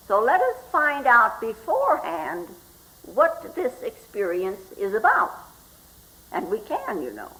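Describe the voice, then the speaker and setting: An older woman, a Zen teacher, giving a slow, reflective spoken talk and often asking "hmm?" as she goes. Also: mid-range voice, a bit bright, low-quality recording. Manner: slow and reflective, with frequent questioning "hmm?" asides.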